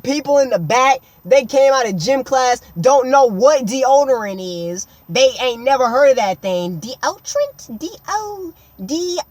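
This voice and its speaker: A woman telling a comedic storytime monologue in a slangy, dramatic way, breaking into exaggerated yelps. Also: a little high.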